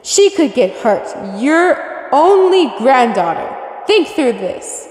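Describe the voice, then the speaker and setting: A woman's voice: sits high, very animated, slow pace, a little mellow, roomy sound, long reverb tail, pitched above the performer's own voice, heavily acted, low-quality recording. A woman reading the lines of a grandfather who argues urgently with his son. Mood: pleading.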